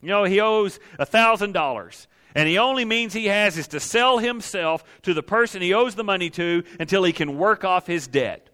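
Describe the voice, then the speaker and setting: A man's voice: high voice, lively intonation, moderate pace, few pauses, bright, forceful tone. A man preaching a sermon, folksy and emphatic, speaking directly to his congregation. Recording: long hall reverb.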